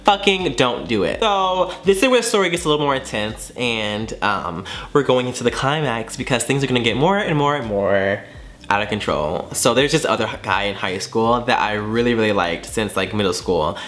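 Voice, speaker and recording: A young man telling a storytime vlog, animated and profane, acting out both sides of the exchanges. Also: medium pitch, normal speed. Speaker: vlogger.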